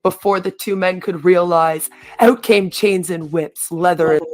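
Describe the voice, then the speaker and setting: A woman's voice: lowish voice, fairly even intonation, unhurried, no room sound. Woman reading a story aloud theatrically. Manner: reads theatrically, breaks off to comment on her own reading. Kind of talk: dramatic story reading on a stream.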